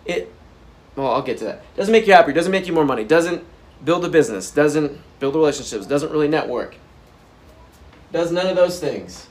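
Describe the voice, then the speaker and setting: A man ranting to camera as a motivational vlogger, blunt and profane, with sudden loud bursts. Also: on the high side, animated, fairly quick. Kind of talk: unscripted motivational rant to camera. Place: indoors by a whiteboard. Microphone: camera framing him at a whiteboard.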